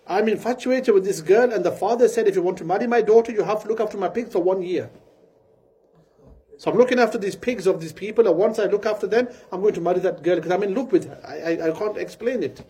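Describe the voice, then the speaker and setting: A man voicing a fallen old sheikh who speaks quietly and haltingly, as if ashamed. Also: high voice, husky. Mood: broken, subdued.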